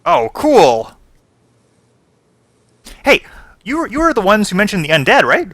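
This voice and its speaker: A man doing a gushing high-pitched gnome wizard. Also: huge pitch swings, unhurried, vocal fry, dry recording, studio quality, exaggerated voice. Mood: overeager. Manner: eager, gushing, loud. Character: hyper-enthusiastic chatty male gnome wizard.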